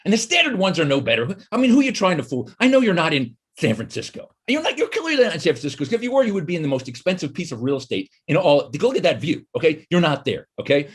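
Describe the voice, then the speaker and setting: A middle-aged man talks fast from his home office, riffing on video-call habits in a wry comedy monologue. His voice is a touch husky, and his pitch jumps all over as he slips into mocking voices. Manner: animated, wry, quick asides and mock voices.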